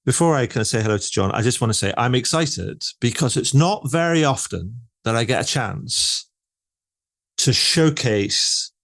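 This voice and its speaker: A man's voice: mid-range voice, lively intonation, normal speed, a bit bright, no echo. A Scottish man hosting a podcast interview, chatty and rambling with lots of fillers. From Scotland. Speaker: podcast host. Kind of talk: casual interview chat.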